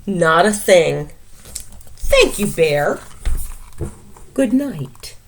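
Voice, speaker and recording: A woman's voice: on the low side, sing-song, extremely slow, exaggerated voice. A woman voicing a small, polite male mouse in a picture-book read-aloud, talking in a raised, obliging voice.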